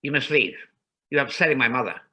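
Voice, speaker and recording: A man's voice: medium pitch, animated, fairly quick, sharp tone. Guy playing a cold protective son in a ghost story, clipped and curt. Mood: angry. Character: stern protective adult son.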